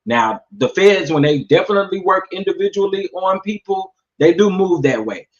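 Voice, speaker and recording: A man doing casual gossip commentary, sassy and animated, talking straight to his viewers. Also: sits high, normal speed, lo-fi sound. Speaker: commentary vlogger.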